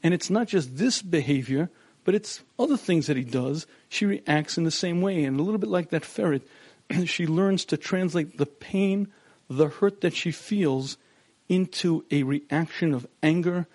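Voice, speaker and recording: A middle-aged man giving a marriage seminar lecture in a storytelling way, often clearing his throat. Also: on the high side, a little slow, a little mellow, no room sound. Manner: storytelling, acts out quotes. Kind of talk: lecture to couples.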